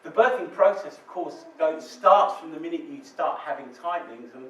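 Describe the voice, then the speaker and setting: High-voiced man telling stories. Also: normal speed. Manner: candid, joking, lively storyteller. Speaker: midwife. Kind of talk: live storytelling talk. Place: hall with audience. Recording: echoey hall, distant mic, audience. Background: audience laughter.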